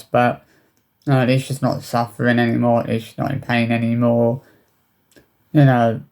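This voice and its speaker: A man speaks to camera about his own life. His voice sits at an ordinary middle pitch, and his sentences stall and restart as he searches for words. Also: a little mellow. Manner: halting, hesitant, many restarts. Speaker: vlogger. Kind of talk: personal storytelling to camera.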